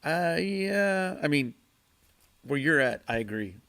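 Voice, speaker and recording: A man hosting a casual livestream from his garage, reading viewer chat and answering in a halting way, repeating words and chuckling often. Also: fairly high pitch, expressive, a bit bright. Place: home garage.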